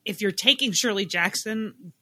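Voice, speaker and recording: A woman co-hosting a TV review podcast in casual chat, animated and teasing, laughing often. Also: mid-range voice, moderate pace, dry recording. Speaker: podcast co-host.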